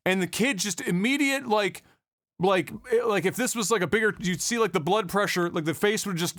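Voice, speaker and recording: Podcast co-host, man in his 30s, animated storyteller who swears freely, slightly higher voice, dry close sound. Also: a little fast, dry recording. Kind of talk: casual chat.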